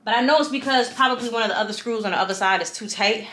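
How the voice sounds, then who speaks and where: A woman's voice: fairly high pitch, normal speed, a bit bright. Exasperated woman vlogging in an echoey room. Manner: talkative, exasperated, addresses viewers as y'all. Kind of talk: casual chat to camera while assembling furniture. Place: room at home. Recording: echoey room with faint noise.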